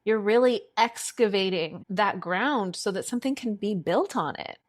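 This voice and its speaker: A woman's voice: mid-range voice, moderate pace. A young woman hosting a podcast, speaking in an encouraging, reflective way as she responds to her guest's story. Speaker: podcast host. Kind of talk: conversational interview.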